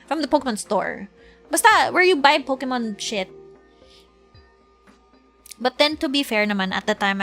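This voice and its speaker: Soft music plays behind this young VTuber from the Philippines as she streams a game in a somewhat high voice. Chatty and giggly, she mixes English with Tagalog and reads game text aloud during casual stream chat.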